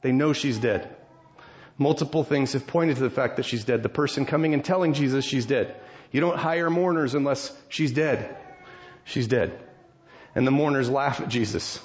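A man preaching a sermon, retelling a story with animated acted voices. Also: medium pitch, moderate pace. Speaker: pastor. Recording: dull lo-fi sound.

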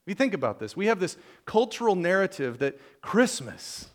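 A preacher, a man with a somewhat high voice, talks through a sermon in a relaxed, conversational way. He jokes with the congregation and often trips over and repeats his words before getting the thought out. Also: moderate pace. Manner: informal and joking, with frequent restarts and repeated words.

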